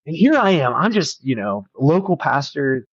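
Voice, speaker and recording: A pastor appears as a podcast guest, earnestly and reflectively telling a personal story and often restarting his sentences. His voice is a little high and very animated, at a normal speed. The recording is dull, slightly lo-fi, and dry, with no echo.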